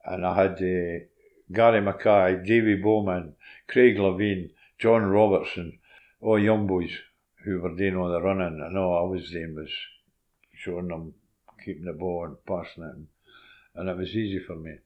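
An older man with a Scottish accent, a former footballer telling animated stories in a casual interview and acting out the dialogue. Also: low-pitched, normal speed, highs cut off. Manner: animated anecdotes, laughs while telling, drops into quoted dialogue.

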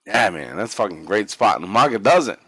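A man's voice: on the low side, a little fast, husky, no echo. A man co-hosting a podcast, telling a wrestling story in casual chat, swearing freely and acting out the quotes. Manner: animated storytelling, profane, acts out quotes. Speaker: podcast co-host recapping wrestling.

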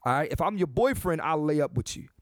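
Man in his 30s, solo podcast host, brash and animated, lively pitch, dry close mic. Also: fast talker, no echo. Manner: brash, animated, repetitive restarts. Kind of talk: comedic solo podcast monologue.

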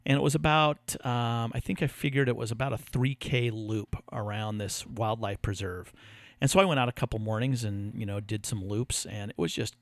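A man's voice: medium pitch, normal speed, no room sound. American guy cohosting, chill storyteller, mid voice, dry mic. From United States. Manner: easygoing storyteller, frequent restarts. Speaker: podcast co-host. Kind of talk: casual chat and sponsor reads.

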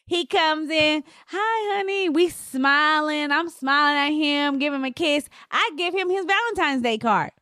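A woman in her thirties telling a personal story to her viewers in a casual, animated way, with big swings in her voice for emphasis. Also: a little slow, hardly any pauses, dry recording, studio quality. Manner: animated, expressive, swings pitch widely for emphasis.

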